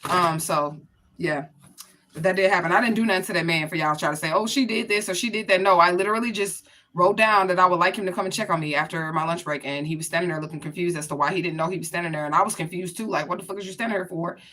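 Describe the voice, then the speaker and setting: A woman with a lowish, bright, forceful voice talks fast as she gives her viewers a casual spiritual reading. She's blunt, profane and chatty, addressing them directly.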